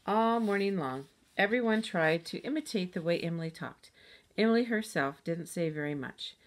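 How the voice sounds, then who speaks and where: A woman reading a children's chapter book aloud in a steady, gentle storytelling manner. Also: fairly low pitch, normal speed. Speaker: storybook reader.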